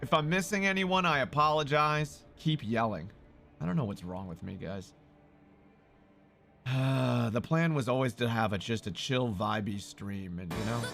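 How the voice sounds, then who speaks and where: Loud excitable man streaming live. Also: mid-range voice, moderate pace, gravelly. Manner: loud, excitable, swearing, shouting out to chat. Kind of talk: casual live-stream chat.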